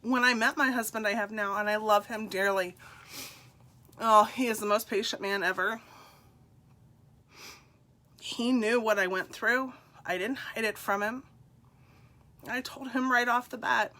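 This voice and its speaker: A middle-aged woman with a drawl talks unhurriedly and warmly to her live-stream viewers, her bright, clear tone a little stuffed up from congestion. She confides in them and greets each by name. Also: fairly high pitch, fairly even intonation, measured pace, pauses often. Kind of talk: personal live-stream talk.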